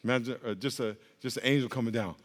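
A man's voice: medium pitch, steady tone, quick pace, big-room sound. A male pastor giving a casual, joking sermon, drawing the congregation into call-and-response.

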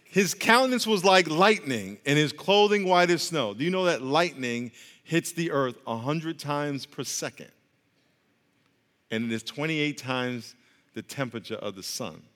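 High-voiced man preaching in echoey hall. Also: pushed and bright. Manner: conversational, joking, call-and-response. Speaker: pastor. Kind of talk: sermon.

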